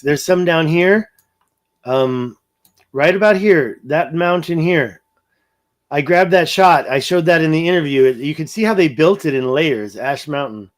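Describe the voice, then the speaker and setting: A man hosting a casual livestream, thinking aloud as he pans over a map and reads viewer comments. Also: a little high. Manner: rambling, thinking aloud, reading viewer chat. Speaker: livestream host.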